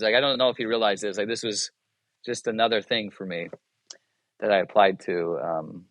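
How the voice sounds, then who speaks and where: A man's voice: on the low side, normal speed, a bit bright, no room sound. Rambling storyteller man, dry sound. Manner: rambling, self-interrupting, chuckles often; acts out dialogue in his anecdotes. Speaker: guest, military chaplain. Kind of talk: casual storytelling interview.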